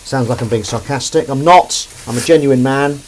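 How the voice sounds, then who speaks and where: A man's voice: medium pitch, moderate pace, darkish tone, a little hiss or hum, poor audio. A man hosting a livestream, chatting in rambling, self-mocking banter full of ums and asides while washing up in his kitchen. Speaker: livestream host. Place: home kitchen at the sink.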